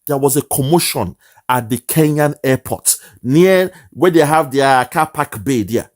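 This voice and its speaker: Brief: a male commentator, emphatic, repetitive, mid-pitched. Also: a little slow, darkish tone. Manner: emphatic, repeats phrases, switches into pidgin. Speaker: political commentator. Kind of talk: impassioned political monologue.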